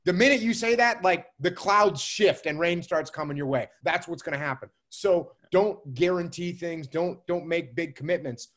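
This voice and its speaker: Guy giving leadership advice in an interview, firm, repeats his points, voice a bit high. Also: a bit bright. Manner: measured, emphatic, repeats key phrases. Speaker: guest speaker on leadership. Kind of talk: interview answers.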